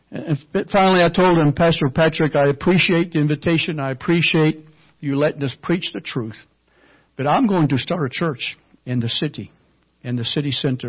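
A man's voice: fairly high pitch, husky, lo-fi sound. A man preaching a sermon and telling a mission story in a fervent storytelling manner, with some hesitant fillers. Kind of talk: sermon testimony.

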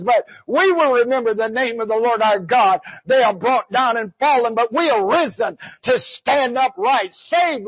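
A man preaching with a strikingly high, husky voice, punctuating the sermon with "amen" and breaking into shouts. The recording is dry and dull, with a muffled lo-fi sound. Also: no room sound.

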